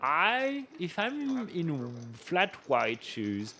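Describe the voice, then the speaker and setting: A man with a French accent commentating live poker, reacting to the action with quick gasps and laughs. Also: fairly high pitch, huge pitch swings, pushed and bright.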